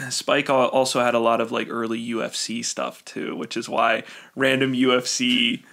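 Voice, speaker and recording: Young man, podcast host, bright voice, jokey, loose and rambling. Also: medium pitch, flat delivery, normal speed. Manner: joking, laughs often, loose and rambling. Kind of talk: casual podcast chat.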